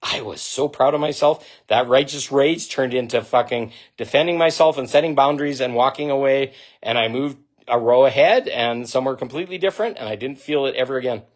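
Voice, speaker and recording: A man talking straight to camera in a spiritual monologue, blunt and profane, swinging between loud outbursts and low, intense delivery. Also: a little fast, few pauses. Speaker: spiritual vlogger.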